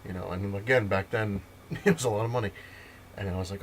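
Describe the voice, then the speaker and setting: A man's voice: fairly low pitch, fast talker, slight background noise. A man, telling a rambling, filler-heavy story to camera in his own casual vlog. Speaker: comic collector vlogger.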